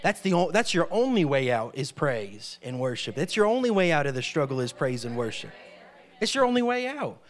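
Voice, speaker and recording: Emphatic higher-voiced male preacher. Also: big pitch swings, brisk. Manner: emphatic, repeats key phrases, frequent "amen". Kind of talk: sermon.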